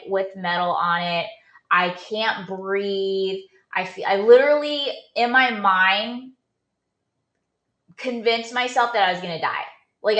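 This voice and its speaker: A woman's voice: lowish voice, sharp tone, reverberant. A woman performance coach giving an earnest motivational talk, telling a personal story with many restarts and fillers.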